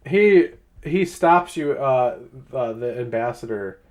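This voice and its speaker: A man's voice: medium pitch, lively intonation, slow pace, a little mellow. A man running a tabletop game as game master, explaining rules and items with frequent "uh" fillers.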